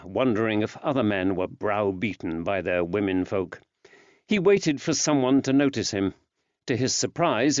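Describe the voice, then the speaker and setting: A male audiobook narrator reading in a measured, expressive way at a middle pitch, his tone moving up and down a lot. The recording is dry and close, with a slightly dull sound. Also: no echo. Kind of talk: scripted narration.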